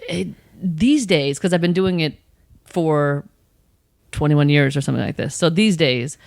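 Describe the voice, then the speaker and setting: A woman guest, a spiritual coach, chatting casually on a podcast with animated asides and laughter. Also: deep voice, measured pace, creaky, no echo, studio quality.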